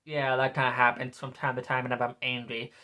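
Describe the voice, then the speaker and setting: A man's voice: mid-range voice, flat delivery, fast, sharp tone. A man in his twenties delivering a sneering, repetitive political rant as a vlogger. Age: 20s. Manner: sneering, ranting, repeats himself.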